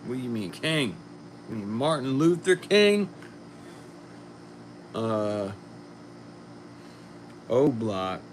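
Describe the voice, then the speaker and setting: A man hosting a casual livestream, chatting to viewers and reading their comments while a little sick, talking in a slow, rambling way and trailing off. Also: mid-range voice, very animated, slight background noise. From Philadelphia. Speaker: livestream host.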